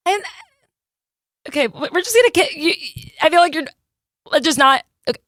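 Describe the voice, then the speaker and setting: A woman's voice: high-pitched, animated, moderate pace, long pauses, fairly bright tone, no echo, studio quality. Giggly woman podcast host. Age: 30s. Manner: giggly, self-deprecating. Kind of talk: casual podcast chat.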